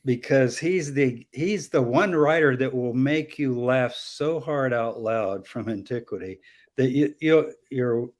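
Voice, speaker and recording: Older man, live q&a guest, lively storyteller, acts out quotes, laughs a lot. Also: mid-range voice, a little slow. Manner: animated storyteller who acts out quoted voices and laughs often. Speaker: guest scholar answering audience questions. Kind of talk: live conversational Q&A.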